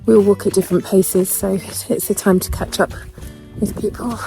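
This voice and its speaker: A young woman talking casually to her camera as she walks, chatty and candid, with quick asides. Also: mid-range voice, steady tone, vocal fry, mellow, soft background music, poor audio. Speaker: vlogger. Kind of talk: casual travel vlog narration.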